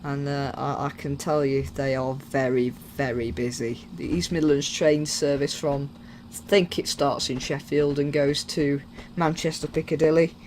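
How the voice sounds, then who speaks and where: Man, casual gameplay commentary, rambling and self-mocking, slightly high voice, faint game noise behind. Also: steady tone, measured pace, few pauses, a little mellow. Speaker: gaming YouTuber.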